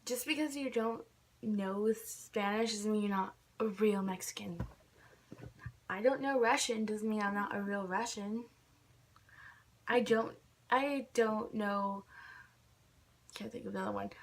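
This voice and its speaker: An unhurried young woman with a medium-pitched voice leaves long pauses as she rants to camera. The vlogger sounds irritated and pads everything with "like."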